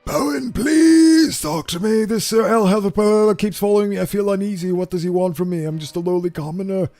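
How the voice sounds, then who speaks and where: A man's voice: high voice, mellow, faint music behind, voice pushed up, close to an everyday voice. A man doing a timid young woman. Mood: anxious. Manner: hurried anxious whisper. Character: timid young commoner woman, uneasy sister.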